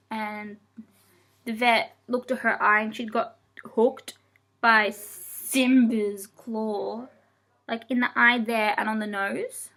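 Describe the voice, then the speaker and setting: A woman's voice: a little high, fairly even intonation, slow, creaky, pushed and bright. A young woman telling a rambling story in a casual vlog, chatty and swearing often, breaking off to talk to her cat. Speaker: vlogger.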